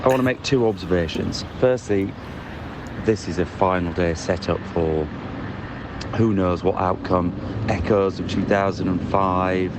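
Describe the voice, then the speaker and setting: Man, very low voice, wry podcast chat, outdoors, city street noise behind. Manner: wry, deliberately observational. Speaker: podcast co-host. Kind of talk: casual chat. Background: street and traffic noise.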